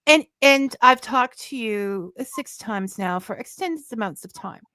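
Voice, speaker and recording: A woman's voice: a little high, lively intonation, measured pace, sharp tone, no echo. Woman podcast host, emphatic and chatty, dry recording. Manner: emphatic, laughs often. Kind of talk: casual conversation.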